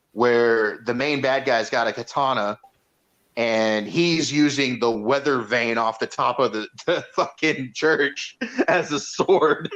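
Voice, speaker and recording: A man's voice: medium pitch, fairly bright tone. A man co-hosting a casual movie review, retelling scenes in a rambling way with many fillers and restarts. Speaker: podcast co-host reviewing a movie. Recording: dull lo-fi sound.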